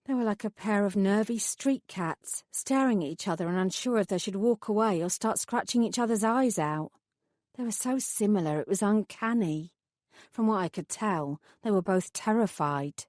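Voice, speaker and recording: A woman narrating a first-person audiobook in a lively storytelling manner. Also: mid-range voice, normal speed, no echo, studio quality. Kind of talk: scripted narration.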